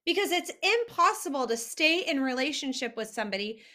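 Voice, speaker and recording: A woman's voice: sits high, very animated, a little fast, pushed and bright. A woman coaching couples, talking earnestly and directly to the listener about healing a marriage. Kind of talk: direct-to-camera advice talk.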